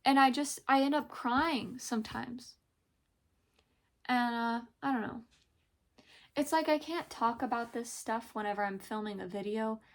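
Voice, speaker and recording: A young woman speaks in a halting, emotional way, filling pauses with soft ums as she opens up in a personal vlog. Her voice sits a little high and carries a gravelly edge. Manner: hesitant, halting, many pauses and fillers. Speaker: vlogger.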